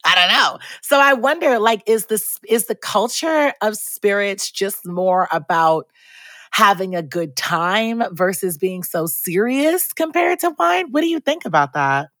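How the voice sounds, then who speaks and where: A woman's voice: medium pitch, animated, a little slow, a bit bright, dry recording. A woman hosting an interview, chatty and enthusiastic, acting out little quotes as she talks. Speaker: podcast host. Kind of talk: casual interview chat.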